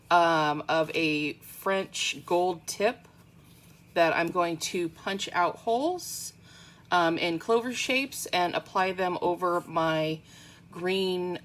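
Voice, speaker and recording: A woman chatting casually through a nail art tutorial at home, rambling with frequent ums. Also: on the low side.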